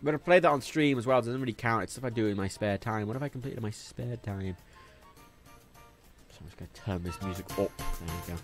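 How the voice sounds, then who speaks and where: A man's voice: on the low side, fast talker. A young English man with a faint Liverpool twinge, rambling and swearing freely as he chats on a gaming livestream. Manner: rambling, swears freely, jumps between topics. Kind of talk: casual gaming livestream chat. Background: faint game music.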